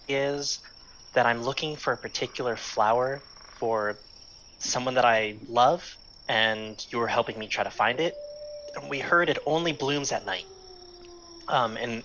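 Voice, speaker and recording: A man with a bright, forward voice plays a tabletop game, rambling through his plan with stammered restarts. His mic sounds dull and lo-fi, with faint background hiss. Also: medium pitch, unhurried. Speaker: player. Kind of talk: casual tabletop game chat.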